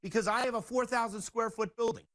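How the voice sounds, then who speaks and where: High-voiced boastful salesman, rapid-fire pitch. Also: fairly even intonation, fairly bright tone. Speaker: store owner guest. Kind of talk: fast sales pitch on a TV talk show.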